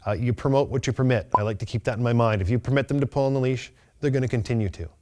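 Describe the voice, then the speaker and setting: Calm instructional male dog trainer. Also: mid-range voice, very fast. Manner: calm, methodical explanations with upbeat praise to the dog. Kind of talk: instructional video demonstration.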